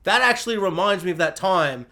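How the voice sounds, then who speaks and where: A reviewer parodying a male villain's sarcastic, drawn-out apology. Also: medium pitch, expressive, sharp tone. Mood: mock remorse. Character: remorseful male villain, mockingly whiny.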